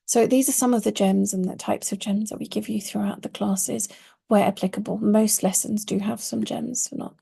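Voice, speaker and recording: A woman teaching a Quranic Arabic course speaks in a mellow, low-toned voice with a heavy gravelly fry. Her delivery is husky and breathy, and she explains each point patiently, leaning on the words she wants to stress. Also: steady tone, moderate pace. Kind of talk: online course lesson.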